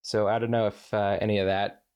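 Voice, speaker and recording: A man co-hosting a podcast, reading fan fiction aloud with relaxed chatty asides. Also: lowish voice, a little fast, clean tone. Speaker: podcast co-host. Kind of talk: casual chat and read-aloud.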